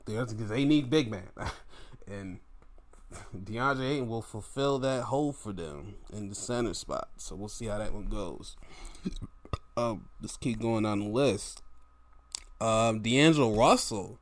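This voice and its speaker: Loose, cursing male sports talker. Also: mid-range voice. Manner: loose, profane, joking commentary. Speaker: sports podcast host. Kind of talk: casual sports talk, going down a list of free-agency moves.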